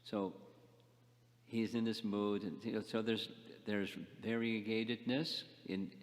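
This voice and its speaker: An older man giving a scripture class lecture, speaking haltingly, repeating words and asking the class questions. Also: fairly low pitch, fairly even intonation, big-room sound. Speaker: spiritual teacher.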